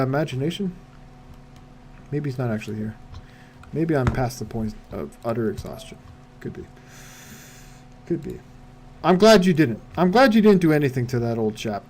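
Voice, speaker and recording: Muttering, mellow-voiced male streamer. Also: a little high, animated, normal speed, pauses often. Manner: mutters to himself, rhetorical questions, wry. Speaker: game streamer. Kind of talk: casual live gameplay commentary.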